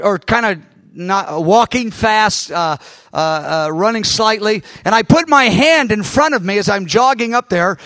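A man preaching a sermon, retelling a dream in an animated way with many restarts and sound words. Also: sits high, no echo. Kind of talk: sermon storytelling.

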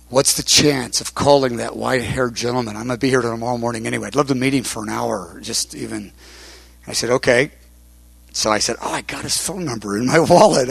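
A man preacher telling a personal testimony, retelling conversations line by line in a halting storytelling way, often restarting his words. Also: mid-range voice, creaky, fairly bright tone, no echo. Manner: retells conversations with many quoted lines.

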